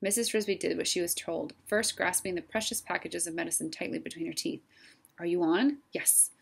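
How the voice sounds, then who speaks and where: A woman reading a children's novel aloud in a calm, steady storytelling way. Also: on the low side, fast, creaky, slightly rough. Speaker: storybook reader.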